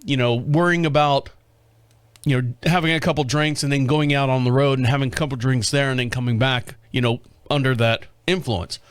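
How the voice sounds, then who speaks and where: A man's voice: mid-range voice, fairly even intonation, brisk, smooth, no room sound. A middle-aged man hosting a podcast, telling a casual story in a rambling way with restarts and chuckles. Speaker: podcast host.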